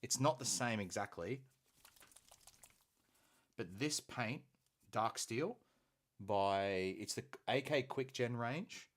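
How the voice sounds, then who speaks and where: A man's voice: mid-range voice, animated, slow, pauses often. An Australian man hosting a hobby painting stream, chatting casually and enthusiastically with plenty of fillers. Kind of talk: casual live-stream chat while painting.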